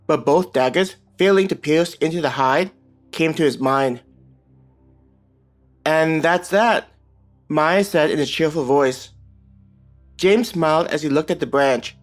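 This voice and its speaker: A man narrating a fantasy web novel in an even, unhurried reading voice. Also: fairly high pitch. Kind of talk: scripted audiobook narration. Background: soft background music.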